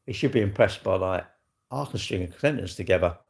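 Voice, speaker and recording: A man chatting live to his viewers at home, rambling and blunt, swearing freely and swinging from loud jokes to low grumbles. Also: expressive, brisk, vocal fry. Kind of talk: casual live-stream chat. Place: at home, moving about near the kitchen. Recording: echoey room.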